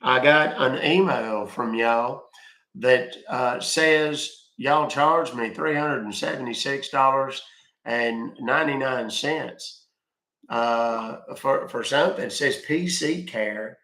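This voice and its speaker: A man playing a confused customer on a phone call, talking slowly and haltingly with many fillers. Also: mid-range voice, pushed and bright. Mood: feigned confusion. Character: slow, hesitant male caller posing as a confused customer. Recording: roomy echo.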